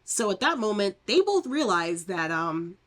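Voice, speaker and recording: A woman's voice: mid-range voice, very animated, moderate pace. A woman reviewing horror movies, recapping a plot in a rambling, chatty way full of fillers and restarts, laughing often and acting out the characters' lines.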